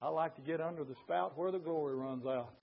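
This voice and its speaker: A man preaching a sermon, his fervent delivery swinging from low murmurs to loud shouting. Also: a little fast, creaky, dull audio, slight background noise.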